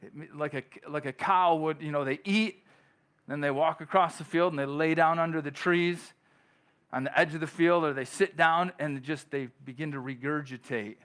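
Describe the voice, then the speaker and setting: Animated man preaching a sermon. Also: a little high, normal speed, smooth. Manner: conversational, animated preaching with frequent "right?"; acts out quoted voices of churchgoers. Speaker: pastor. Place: church.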